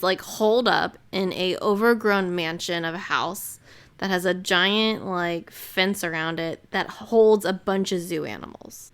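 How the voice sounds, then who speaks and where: An American woman talking casually and bluntly on a podcast, with a smooth, clear voice at a middle pitch. She chats in a loose, unscripted way and swears freely. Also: fairly bright tone. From United States. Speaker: podcast co-host reviewing films. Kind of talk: casual chat.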